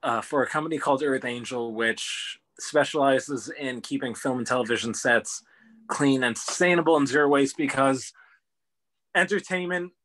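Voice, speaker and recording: A man's voice: medium pitch, moderate pace, fairly bright tone. A man in his twenties, a guest on a chat show, talking eagerly about his work in a casual, rambling way. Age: 20s. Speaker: podcast guest.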